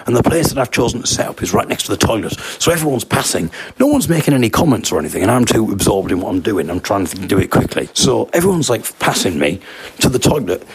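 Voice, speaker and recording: A man's voice: lowish voice, big pitch swings, fast talker, background noise. A man hosting a comedy podcast, telling a rambling, self-deprecating anecdote and acting out sound effects. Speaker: podcast host. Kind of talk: comic anecdote.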